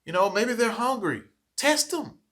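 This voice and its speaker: A man leads a training session for teachers in a fairly high voice. He talks in an earnest, coaching way and keeps checking in with his listeners. His speech is plain and direct. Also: sing-song, measured pace, a bit bright. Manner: earnest, coaching, frequent "okay?" check-ins. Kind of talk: staff training talk.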